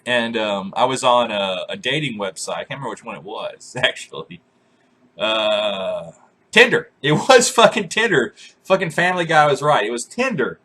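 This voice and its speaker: Husky, bright-voiced young man telling crude stories. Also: mid-range voice, very animated, normal speed. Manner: profane, laughs often, bursts into loud acted shouts. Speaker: vlogger. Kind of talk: crude comic storytelling.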